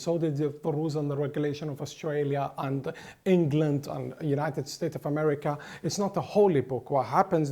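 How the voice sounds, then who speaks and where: A man's voice: fairly high pitch, warm tone. A man from the Middle East, a guest giving impassioned political commentary in an emphatic way, often restarting and repeating words. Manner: emphatic, with frequent restarts and repetitions. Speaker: interview guest.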